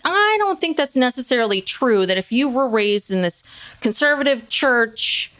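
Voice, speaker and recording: Chatty higher-pitched woman podcaster. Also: animated, moderate pace, fairly bright tone. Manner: chatty, restarts a lot, mimics people in a lower voice. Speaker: podcast co-host. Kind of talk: casual chat.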